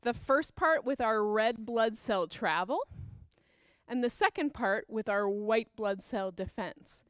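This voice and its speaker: A woman's voice: fairly high pitch, animated, slow, dry recording, studio quality. A woman teaching a creative movement dance class for children, upbeat and encouraging as she counts out the moves. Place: dance studio with a piano.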